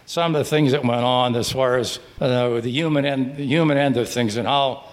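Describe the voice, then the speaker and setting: An older man from Pittsburgh telling his service stories at a live breakfast gathering in a restaurant, in a halting, rambling way with many restarts. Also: medium pitch, fairly even intonation. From Pittsburgh, Pennsylvania. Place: restaurant dining room.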